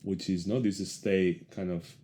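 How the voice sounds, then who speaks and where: A man's voice: deep voice, steady tone, moderate pace, warm tone. A man with a Spanish accent hosting a casual interview, rambling and searching for words. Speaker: podcast host.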